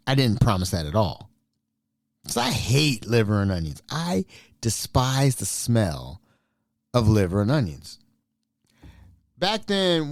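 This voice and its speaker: A man who works as a cook at an elderly care facility tells a story in a casual, emphatic monologue, repeating himself for effect and laughing between phrases. His voice is mid-range and darkish, recorded with studio quality and no room sound.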